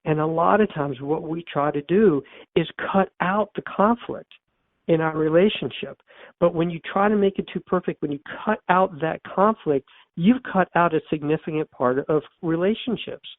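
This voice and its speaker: An older man, both author and therapist, earnestly recounts a personal story for an interview, leaning on repeated phrases for emphasis. His voice is fairly high and his speed normal, captured in a dry recording with tinny phone-line sound.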